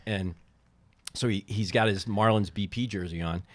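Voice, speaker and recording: Animated storytelling man, low voice. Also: moderate pace, dry recording. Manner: animated storyteller, quotes others in lively bursts. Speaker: podcast guest, former baseball team owner. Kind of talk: casual storytelling chat.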